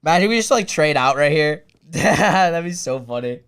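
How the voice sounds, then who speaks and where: A man's voice: on the high side, animated, moderate pace, smooth. Chatty young man streaming a watch party. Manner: rambling, talks to chat, bursts into loud hype cheering. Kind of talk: casual live-stream chat.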